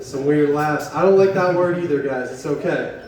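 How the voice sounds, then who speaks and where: A man's voice: a little high, normal speed, darkish tone. A young man from West Virginia doing a stand-up set at an open mic in a coffee shop, rambling, profane and self-deprecating as he riffs with the crowd. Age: young adult. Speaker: stand-up comedian. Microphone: camera set up in the room. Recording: echoey room, mic far from the stage. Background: audience laughing.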